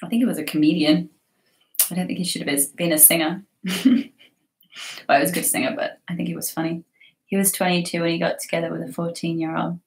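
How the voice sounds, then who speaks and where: A woman's voice: fairly low pitch, level tone, a little fast, long pauses. A young woman hosting a casual livestream, chatting and giggling as she reads viewer comments. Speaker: livestream host. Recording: roomy echo.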